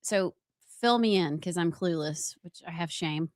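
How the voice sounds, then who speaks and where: A woman's voice: fairly low pitch, measured pace, no room sound, studio quality. A woman co-hosting a talk show, chatty and self-deprecating. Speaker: radio show co-host. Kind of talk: casual talk-show chat.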